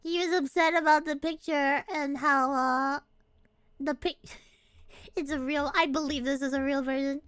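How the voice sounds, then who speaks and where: Giggly high-voiced woman streamer. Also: fairly even intonation, measured pace, fairly bright tone, no echo, studio quality. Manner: giggly, profane, rambling. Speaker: VTuber streamer. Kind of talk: casual chat stream.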